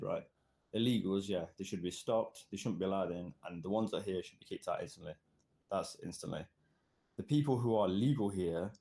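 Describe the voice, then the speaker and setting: A very low-voiced man from Britain records voice notes. He rants hard and swears constantly, pushing each point in an aggressive, combative tone. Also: a little mellow. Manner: profane, aggressive, ranting. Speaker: voice note sender. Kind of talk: angry voice-note rant.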